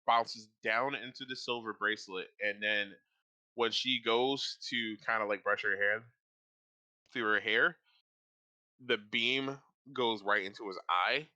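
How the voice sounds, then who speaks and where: A man narrating a tabletop game as game master in an animated, loose way. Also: fairly low pitch, unhurried, no room sound, low-quality recording.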